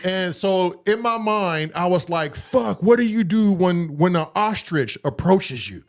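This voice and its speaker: A high-voiced man speaks a little slowly while telling a long story on a podcast he co-hosts. The chat is casual, he swears freely, and he dramatizes his own reactions with acted quotes in a profane, animated manner.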